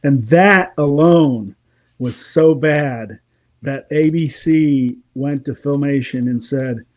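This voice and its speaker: Mellow-voiced man telling lively stories. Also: fairly high pitch, slow. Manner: animated, opinionated, laughing storyteller. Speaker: guest. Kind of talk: casual interview chat.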